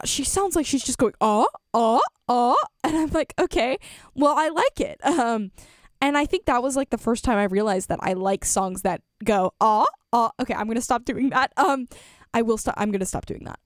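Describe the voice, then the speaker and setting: A woman's voice: a little high, dry recording, clean studio sound. A young woman, a college radio DJ chatting casually on air, rambling with lots of fillers and self-corrections. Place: radio studio.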